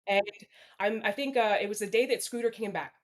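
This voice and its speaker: Brisk and mid-range in voice, a woman talks bluntly on a livestream panel via video call. She apologizes, swears often, and keeps the chat candid as a panel guest.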